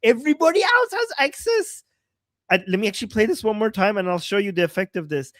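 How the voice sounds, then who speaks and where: A woman's voice: medium pitch, very animated, fast talker, dry recording. A woman co-hosting a livestream, commenting casually and animatedly, often laughing and mimicking voices. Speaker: livestream co-host.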